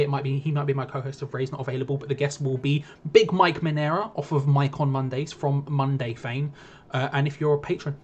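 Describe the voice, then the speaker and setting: A man's voice: mid-range voice, a little hiss or hum. A man co-hosting a live football watch-along, chatty and upbeat as he promotes his content. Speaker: watch-along co-host and podcaster. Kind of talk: casual live stream chat.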